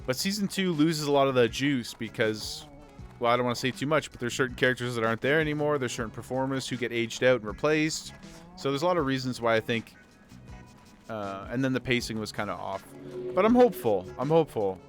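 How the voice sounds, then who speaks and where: A man streaming casually, chatting loosely and getting excited, swearing freely and repeating himself. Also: medium pitch, brisk, faint music behind. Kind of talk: casual livestream chat.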